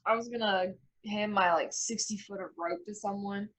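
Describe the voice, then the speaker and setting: A woman's voice: medium pitch, steady tone, moderate pace, a little hiss or hum, low-quality recording. A woman playing a tabletop game, thinking aloud hesitantly with lots of "like". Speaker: player. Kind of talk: casual chat at a tabletop game.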